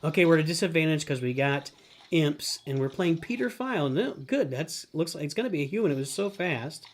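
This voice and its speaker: Middle-aged male streamer, slightly high voice, chatty play-by-play, sudden excited yells. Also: brisk. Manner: talks about himself in third person, excitable outbursts. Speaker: streamer host. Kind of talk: live gameplay commentary.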